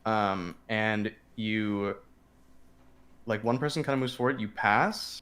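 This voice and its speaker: A man's voice: fairly low pitch, slow pace, fairly bright tone. A man coaching a player through game tactics in casual talk, explaining patiently with frequent fillers and restarts. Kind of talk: casual coaching over a screen share.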